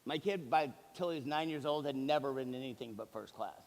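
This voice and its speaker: A man's voice: medium pitch, brisk. A man in his forties, a company executive, giving a motivational seminar talk and acting out the dialogue in his stories. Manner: animated storyteller who acts out quoted dialogue. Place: large hall with live audience. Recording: reverberant hall sound.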